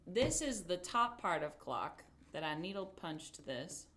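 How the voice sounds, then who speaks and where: A young adult woman with a lowish, very animated, slightly slow voice livestreams herself doing a craft project, with heavy background noise. It is casual chatter: she mutters, curses, makes self-deprecating remarks, and talks to chat as she works.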